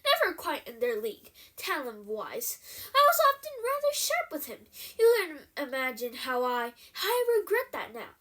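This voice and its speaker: A woman's voice: sits high, wildly swooping pitch, moderate pace, sharp tone, heavily acted. A woman reading aloud, voicing a stern older female professor who speaks in a clipped, stern way. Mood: regretful.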